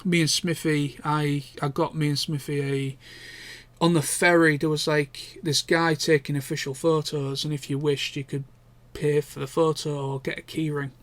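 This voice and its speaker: A man's voice: on the high side, level tone, normal speed, fairly bright tone. A young man, chatting casually and candidly in a rambling vlog catch-up, with the odd swear word. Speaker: vlogger. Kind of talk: casual chat.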